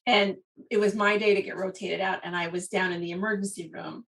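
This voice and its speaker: A woman co-hosting a podcast, telling a story in a lively way and often laughing mid-sentence. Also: mid-range voice, brisk, vocal fry, distant mic. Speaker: podcast co-host. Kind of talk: casual storytelling chat.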